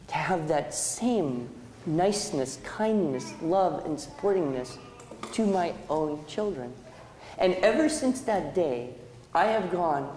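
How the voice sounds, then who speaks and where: A man giving a talk to an audience, animated and conversational, with frequent rhetorical questions. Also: a little high, slight background noise. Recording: echoey hall, room reverb.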